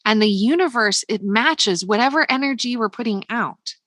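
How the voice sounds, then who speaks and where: A woman's voice: fairly high pitch, lively intonation, normal speed, fairly bright tone, no echo. An American woman hosting a motivational podcast, upbeat and emphatic, repeating phrases for stress. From United States. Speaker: podcast host.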